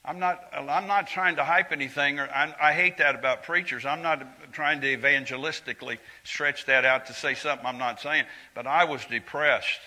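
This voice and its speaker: A man in his seventies preaching a sermon in a church, earnest and conversational, dropping to quiet confiding asides and rising to loud emphatic lines. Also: a little high, fairly even intonation, moderate pace, few pauses, rough recording. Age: 70s.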